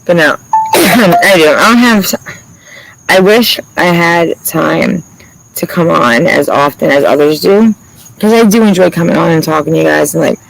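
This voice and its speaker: A man's voice: on the high side, creaky, a bit bright, a little hiss or hum, poor audio. A man chatting casually to viewers on a livestream, rambling and swearing freely, laughing often.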